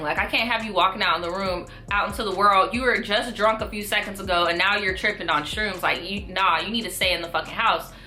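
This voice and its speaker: A woman in her twenties telling a storytime vlog in an animated, profane, slangy way. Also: on the high side. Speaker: vlogger.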